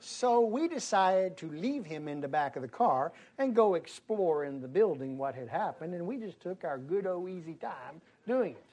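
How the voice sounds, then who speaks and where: A man's voice: high voice, normal speed, few pauses. A man telling a personal story to an audience, acting out the people in it. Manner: animated, acts out the people in his story.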